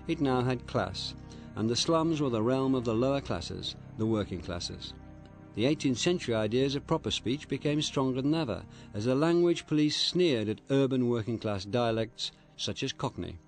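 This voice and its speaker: Male narrator, mid-pitched voice, measured documentary reading, faint music underneath. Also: gravelly. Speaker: documentary presenter.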